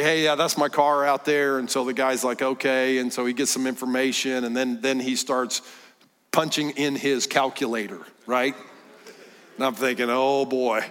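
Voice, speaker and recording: A middle-aged man giving a sermon as a guest preacher, telling a story with lively delivery and dropping to hushed tones. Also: mid-range voice. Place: church sanctuary. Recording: church hall with long reverb.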